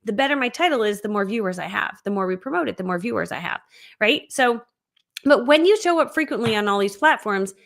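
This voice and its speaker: A woman leads a live-streamed online business training, chatty, amped up and energetic, laughing frequently. Her voice is medium in pitch and creaky, and she talks fairly quickly.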